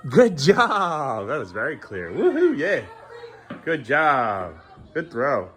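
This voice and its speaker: Lively-voiced man vlogging at home. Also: mid-range voice, takes it slowly, faint music behind. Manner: coaxing, talks to kids and camera. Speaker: parent vlogger. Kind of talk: casual home vlog. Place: family home kitchen.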